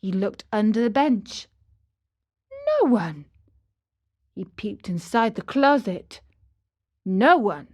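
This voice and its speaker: A woman narrating a children's audiobook in a slow, gentle storytelling manner. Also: mid-range voice, lively intonation.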